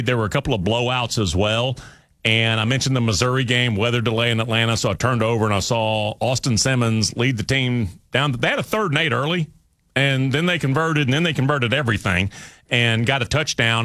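A man's voice: mid-range voice, a bit bright, no room sound. Emphatic male sports talk host. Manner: conversational, emphatic, talks through restarts.

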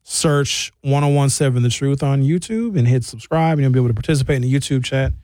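A man's voice: medium pitch, fast, a little mellow, no echo, studio quality. A man hosting a radio talk show, ranting comically with put-on mocking voices. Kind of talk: casual radio monologue.

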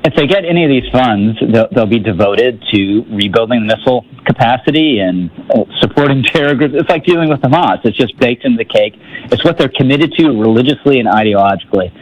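A man's voice: medium pitch, expressive, brisk, lo-fi sound. A man giving political commentary on a talk radio show, wry and skeptical, often restarting his sentences.

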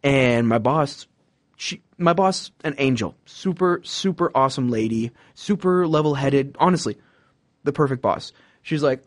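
A man's voice: mid-range voice, expressive, measured pace, no echo, studio quality. A young man giving casual advice about customer service jobs, rambling with many fillers and acting out quoted customers and bosses. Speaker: podcast host giving job advice. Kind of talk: casual monologue.

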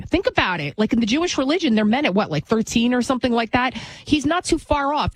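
A woman's voice: medium pitch, dry recording. A woman hosting a podcast, giving a blunt, emphatic, opinionated monologue in a conversational tone.

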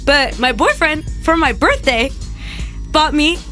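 A woman's voice: high-pitched, sing-song, unhurried, sharp tone, soft background music. A woman co-hosting a morning radio show, giggly and playful. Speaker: radio host.

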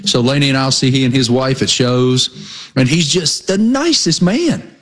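A man's voice: mid-range voice, lively intonation, normal speed. A middle-aged man with a Southern accent, co-hosting a sports talk show in an enthusiastic, folksy, joking way. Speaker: co-host.

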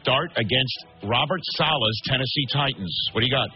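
A man's voice: medium pitch, lo-fi sound, music in the background. A man hosting call-in sports radio, from the New York area, rattling off a team schedule and bantering with callers. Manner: brisk, wisecracking, running through a schedule. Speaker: radio sports talk host.

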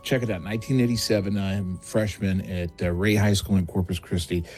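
Rambling man with a dark, low voice. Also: steady tone, a little fast, breathy edge, soft background music. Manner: rambling, self-mocking storyteller with lots of fillers. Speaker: caller telling a story. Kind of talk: casual phoned-in anecdote.

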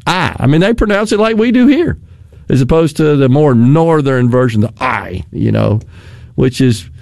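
A man's voice: a little high, animated, moderate pace, gravelly, mellow, no room sound. An older man with a Southern American accent, chatting casually, rambling and chuckling as he loses his thread. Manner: rambling, chuckles often, trails off mid-thought. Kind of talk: casual chat.

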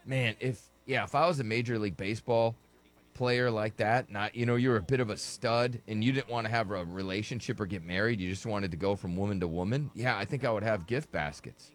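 A man's voice: lowish voice, fairly quick. A man co-hosting a radio show, bantering casually and telling jokey stories.

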